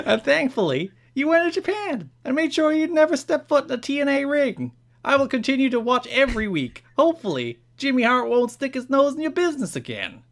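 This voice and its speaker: A man putting on a New Jersey accent to voice an excitable male wrestling fan reading his own fan letter. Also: extremely high pitch, brisk, gravelly, voice pushed up, full character voice. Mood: gushing.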